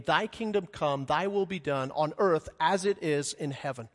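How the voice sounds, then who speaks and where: A man preaching a sermon as pastor, animated, with sudden loud high bursts and quick acted asides. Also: long reverb tail.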